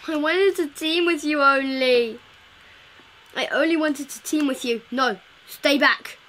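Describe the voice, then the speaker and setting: A woman's voice: high voice, unhurried, a bit bright. A woman giving casual, playful commentary while playing a video game, chatting to the characters on screen. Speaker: gameplay video host.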